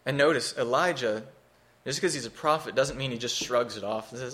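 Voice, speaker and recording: A man's voice: mid-range voice, fairly quick, fairly bright tone. A man preaching a sermon, teaching through a scripture passage in an earnest, expository way, rising for emphasis.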